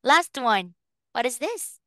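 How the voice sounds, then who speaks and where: Woman English teacher for a small child, patient and cheery; slow, bright and crisp, dry sound. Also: fairly high pitch, very animated, no room sound. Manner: patient, encouraging, spells letters slowly, laughs often. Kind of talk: phonics lesson with a young child.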